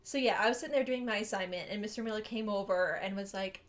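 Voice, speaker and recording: A woman's voice: medium pitch, fast talker, few pauses. A young woman co-hosting a podcast, telling a story in casual chat, swearing freely, laughing often and acting out the voices she quotes. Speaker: podcast co-host.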